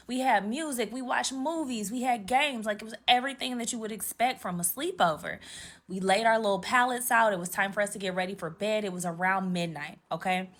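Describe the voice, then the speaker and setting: Bright-voiced woman telling a dramatic story. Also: a little high. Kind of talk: storytime vlog.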